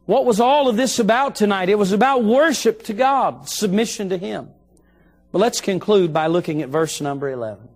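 A middle-aged man preaching in a church, his voice sitting high for a man. He tells a story from the pulpit and slows right down to lean on the words that matter, while soft music plays faintly underneath. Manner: storytelling, slows for emphasis on key phrases. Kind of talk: sermon. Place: church sanctuary.

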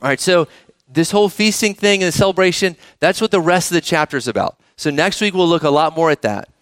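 A man's voice: fairly high pitch, fast, smooth, no room sound, clean studio sound. Man preaching, engaging the children. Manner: engaging, asks the children questions. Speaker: pastor. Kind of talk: sermon with scripture reading.

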